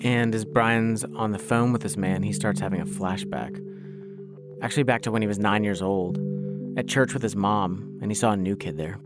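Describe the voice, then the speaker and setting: Man narrating calmly over music. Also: lowish voice, moderate pace. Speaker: host. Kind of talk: reflective narration.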